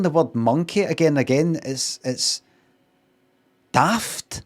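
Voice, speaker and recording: A Scottish man rambles through a recap on his stream, swearing freely and dryly amused at the silly bits. His voice sits at an ordinary middle pitch and he talks off the cuff, restarting sentences as he goes. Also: a little slow. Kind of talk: casual rambling review on a live stream.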